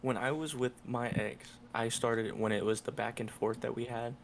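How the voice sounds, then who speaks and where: A man's voice: medium pitch, fairly even intonation, normal speed, gravelly, slight background noise. A young man on a podcast, chiming in and relating his own story in bursts. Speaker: podcast co-host. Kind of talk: casual candid chat.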